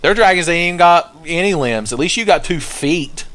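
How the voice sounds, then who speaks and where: A man's voice: on the high side, animated, moderate pace, a bit bright. A man giving crude, joking let's-play commentary while gaming, slipping into silly voices for game characters. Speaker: gameplay commentator.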